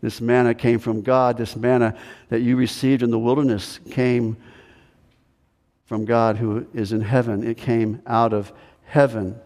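A man's voice: mid-range voice, flat delivery, measured pace, a little mellow. Emphatic preaching man in a hall. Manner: emphatic preaching, repeats key phrases. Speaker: pastor. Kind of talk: sermon. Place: church sanctuary. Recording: echoey hall with long reverb.

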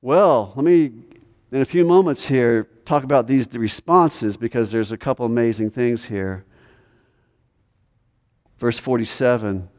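A man's voice: medium pitch, measured pace, pauses often. Man preaching in a reverberant hall. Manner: emphatic preaching, swings from hushed to loud. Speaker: pastor. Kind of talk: sermon. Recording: long reverb of a large hall.

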